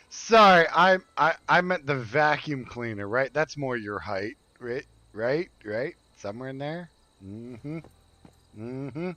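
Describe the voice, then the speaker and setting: A man's voice: mid-range voice, animated, slow pace, bright, forceful tone, lo-fi sound. A man streaming a game, chatting and teasing his viewers in a joking, casual way.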